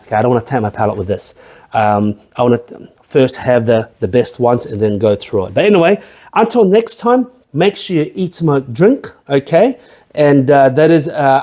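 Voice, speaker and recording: A man's voice: medium pitch, lively intonation, moderate pace, dark tone. A man hosting a casual spirits tasting review, chatty and rambling, with jokey asides. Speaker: host of a spirits review channel.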